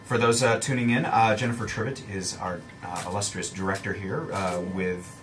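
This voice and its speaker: A man's voice: sits low, steady tone, moderate pace, far from the mic, noisy background. A man hosting a casual local radio chat, joking and hesitant with many fillers. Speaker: radio host.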